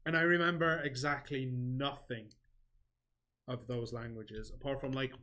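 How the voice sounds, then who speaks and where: A man's voice: mid-range voice, steady tone, unhurried, bright, forceful tone. A man hosting a game livestream, chatting casually and answering viewers between comments on the game. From England.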